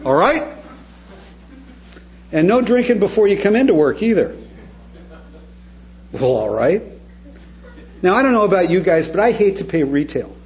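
A man with a notably high voice addresses a recovery meeting in a wry, comic storytelling manner. He keeps turning to the audience with direct asides. His delivery is conversational and full of punchlines. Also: lively intonation, brisk, long pauses, poor audio.

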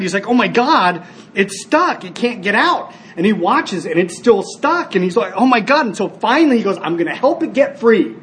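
A man's voice: sits high, a little hiss or hum. A man speaking at a recovery meeting, sharing personally and telling stories with animation. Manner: storytelling, animated when acting out scenes; earnest, frequent restarts. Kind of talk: personal share with told stories.

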